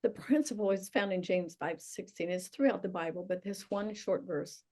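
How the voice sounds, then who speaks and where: Mellow-voiced older woman telling her story. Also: medium pitch. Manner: earnest storytelling with soft, tearful pauses. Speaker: guest. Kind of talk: emotional personal testimony.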